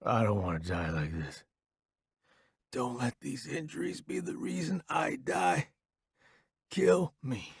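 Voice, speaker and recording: A man voicing a dying young soldier who begs in a weak, slow, pleading voice. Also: mid-range voice, vocal fry, husky, no room sound, studio quality, full character voice. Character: dying young male soldier, begging and fading.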